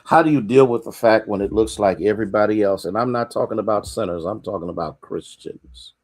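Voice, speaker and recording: An American pastor with a very low voice leads a midweek sermon online. He talks in a folksy, conversational way and greets his viewers one by one as he goes. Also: fairly quick, a little mellow.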